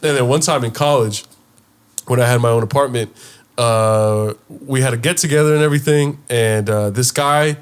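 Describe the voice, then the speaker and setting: A young man tells a story with lots of energy, jumping into loud quoted voices as he goes. His pitch sits in the middle of the range. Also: moderate pace, clear, resonant tone. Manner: animated, acts out quoted voices loudly. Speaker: podcast guest. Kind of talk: casual storytelling.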